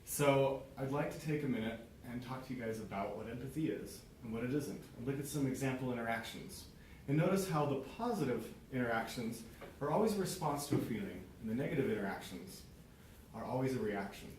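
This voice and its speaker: A man's voice: medium pitch, lively intonation, brisk, a little mellow, slight background noise. A man giving a prepared speech to a small club audience, earnest, acting out short example dialogues. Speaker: club speaker. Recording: very echoey room, mic far off.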